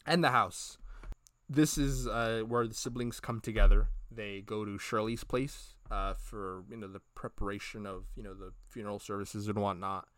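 A man's voice: fairly low pitch, steady tone, normal speed, a bit bright, no echo, studio quality. A man cohosting a podcast, retelling scenes in a casual, rambling way with many fillers and quoted lines. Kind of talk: casual review chat.

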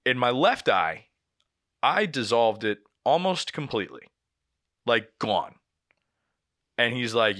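A young man hosting a podcast, telling a story casually, animated and swearing, acting out the dialogue. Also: mid-range voice, slow pace, long pauses. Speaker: podcast host.

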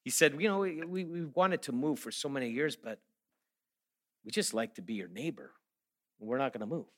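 A man's voice: mid-range voice, lively intonation, moderate pace. A middle-aged man giving a sermon, telling stories and then rising to emphatic preaching. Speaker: guest speaker.

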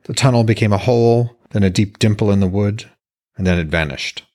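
A man narrating his own fantasy novel as an audiobook, in a measured, descriptive storytelling voice. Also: lowish voice, darkish tone.

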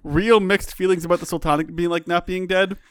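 A man's voice: high-pitched, steady tone, a little fast, fairly bright tone, clear, resonant tone, no echo, clean studio sound. Thoughtful young man recapping a story. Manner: thoughtful, analytical, wry. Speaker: podcast co-host. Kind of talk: casual game recap chat.

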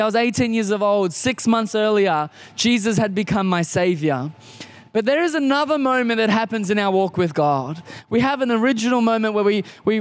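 A young adult man with an Australian accent preaching a sermon, telling a personal story in a conversational way with quick asides. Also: high-pitched, no room sound. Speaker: pastor. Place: church service.

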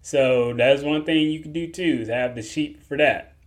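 A man's voice: on the high side, normal speed. Laid-back joking podcast host, man. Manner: laid-back, joking, chuckles through lines. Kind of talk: casual solo podcast talk.

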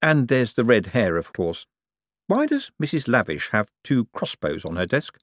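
A man voicing a quick-witted, smooth-talking young male con man with a glib, teasing manner. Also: mid-range voice, wildly swooping pitch, a bit bright, no echo, clean studio sound.

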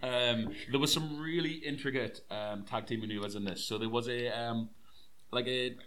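A man's voice: medium pitch, moderate pace, noisy background. A man chatting as a podcast co-host about a wrestling match, joking and hesitating with fillers. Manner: chatty, jokey, hesitant with ums. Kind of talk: casual chat recapping a wrestling show.

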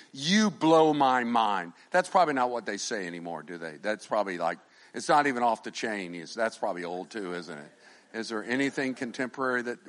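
A middle-aged male pastor preaching a sermon, animated, swinging from shouted lines to quiet asides and joking with the congregation. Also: fairly low pitch. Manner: jokes with the congregation.

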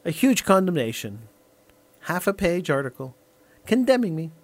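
Male radio talk host; fiery, repetitive monologue; high, very lively pitch. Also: moderate pace, no room sound. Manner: emphatic, repeats lines for effect.

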